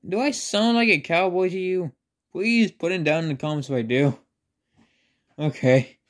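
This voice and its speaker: A man's voice: on the high side, normal speed. A man casually telling a made-up fan story, rambling with lots of filler words and self-conscious asides.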